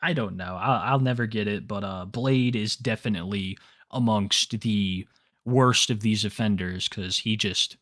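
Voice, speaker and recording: A man's voice: lowish voice, unhurried, fairly bright tone, dry recording, studio quality. A man co-hosting a casual podcast chat, laid-back and sarcastic. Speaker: podcast co-host.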